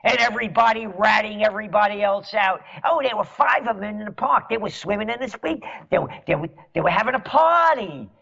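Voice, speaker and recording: A man delivering a sarcastic, mocking monologue as a commentator, at times rising to shouts. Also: sits high, expressive, brisk, vocal fry, hardly any pauses. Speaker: trend forecaster and commentator. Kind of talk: ranting monologue. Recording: dull lo-fi audio.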